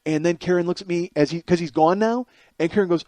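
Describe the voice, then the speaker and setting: A comedian hosts his own podcast alone, riffing through an exasperated and sarcastic monologue laced with profanity. His voice sits high for a man. The recording is close and dry, with no room sound. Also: fast, dark tone, no echo.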